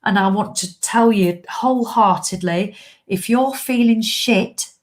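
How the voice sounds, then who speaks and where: A woman's voice: mid-range voice, measured pace. A middle-aged woman, a fitness coach, talking straight to her followers in a casual live video with blunt, impassioned swearing.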